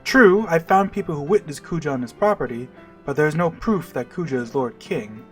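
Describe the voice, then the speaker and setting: A man reading the lines of a gruff, guarded male mercenary from a video game in a curt, flat way. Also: on the high side, a little fast, soft background music, lightly acted.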